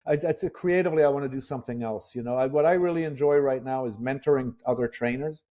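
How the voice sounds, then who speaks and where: A man in his sixties, a guest dog trainer, chatting bluntly on a podcast, swearing freely as he tells stories. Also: medium pitch. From Germany. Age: 60s. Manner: blunt, profane, quick to anger. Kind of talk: casual podcast chat. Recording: dull lo-fi sound.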